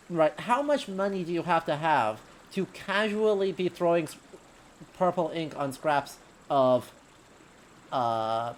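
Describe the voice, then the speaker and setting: A man's voice: sits high, slight background noise. A man streaming a game as a historian, thinking aloud in chatty, self-deprecating commentary. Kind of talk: casual let's-play commentary.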